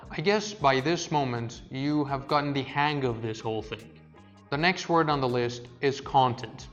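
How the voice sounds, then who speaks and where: A man's voice: medium pitch, lo-fi sound. A young man teaching English pronunciation in a scripted online lesson, explaining carefully, stressing syllables and often checking in with "right?".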